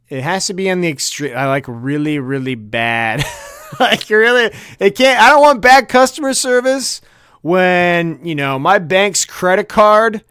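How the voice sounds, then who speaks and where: Young dude cussing and cracking up on a podcast, smooth voice, kinda high. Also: male voice, no echo, clean studio sound. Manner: profane, animated storytelling with laughs and acted-out quotes. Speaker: podcast co-host. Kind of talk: casual comedic rant.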